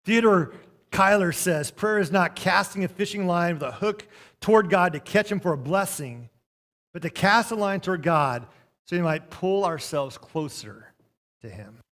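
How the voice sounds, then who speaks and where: A man preaching a sermon as pastor, reading scripture and telling a story, swinging between soft passages and loud ones. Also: sits high, animated, moderate pace.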